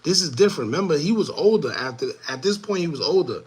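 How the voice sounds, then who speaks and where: A man hosts an online commentary show, chatting casually and repetitively with viewers in an animated way, tossing in laughing asides. His voice is a little high and slightly rough, and he talks fast.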